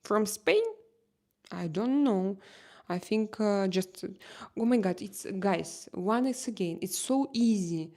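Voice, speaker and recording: A Russian woman with a Russian accent hosting a casual livestream chat, reading comments and pausing often to search for English words. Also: mid-range voice, dark tone. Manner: halting, searching for English words, many fillers. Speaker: livestream host.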